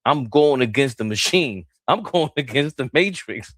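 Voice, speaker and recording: A man co-hosting a casual basketball talk show, animated and joking, laughing in the middle of his sentences. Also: moderate pace, hardly any pauses, dry recording. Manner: animated, laughs mid-sentence, swings between loud and low. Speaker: co-host.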